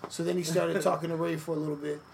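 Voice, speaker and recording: A man telling stories in a relaxed sit-down interview, with many fillers, acting out the quotes of others. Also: on the high side, fast talker, creaky, crowd noise. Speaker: podcast guest, former wrestler. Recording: noisy room ambience.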